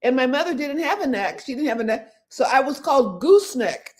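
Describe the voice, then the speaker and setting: Brief: lively older woman host, animated pitch. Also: brisk. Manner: animated, acts out inner voices, laughs often. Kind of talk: casual motivational talk.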